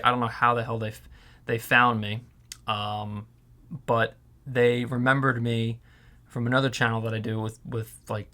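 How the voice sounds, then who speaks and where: A man's voice: mid-range voice, fairly bright tone. Guy with a tired, strained voice, rambly casual vlog chat, lots of ums. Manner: rambling, with many fillers and restarts. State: voice strained and worn out. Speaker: voiceover artist.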